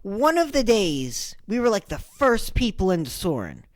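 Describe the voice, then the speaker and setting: A young woman co-hosting a podcast, telling stories in a relaxed casual way, her phrases often trailing off quietly. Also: mid-range voice, normal speed, dry recording. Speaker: podcast co-host. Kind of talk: casual chat.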